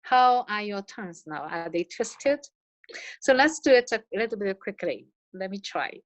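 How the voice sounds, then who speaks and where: Middle-aged woman, first language Chinese, teaching over a video call; patient, shows things slowly. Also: medium pitch, lively intonation. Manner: patient, demonstrates counting and tongue twisters slowly. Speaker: language presenter. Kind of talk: online language lesson.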